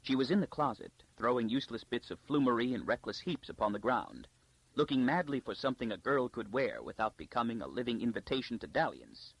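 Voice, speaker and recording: A man narrating an audiobook in a dramatic storytelling style with a gravelly, husky voice. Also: mid-range voice, sing-song, brisk, no echo, highs cut off. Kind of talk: scripted narration.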